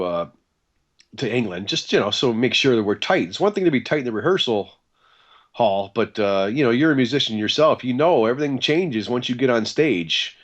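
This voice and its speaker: A man, a guitarist being interviewed, telling stories in a casual, animated way and acting out the dialogue he quotes. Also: mid-range voice, highs cut off. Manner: animated, acts out quoted dialogue, chatty with fillers. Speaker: guest guitarist.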